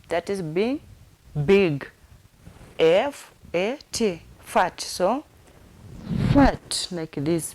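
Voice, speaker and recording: A woman's voice: medium pitch, a little hiss or hum, low-quality recording. A woman teaching a sign language lesson, repeating each word and spelling it out letter by letter. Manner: slow, repetitive, spelling out words letter by letter; warm, affectionate sign-off to viewers.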